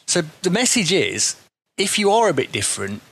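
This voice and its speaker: Brief: Derbyshire male co-host, husky, lively swooping pitch, sarcastic. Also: moderate pace. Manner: sarcastic, laughs a lot. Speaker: podcast co-host. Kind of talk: casual chat.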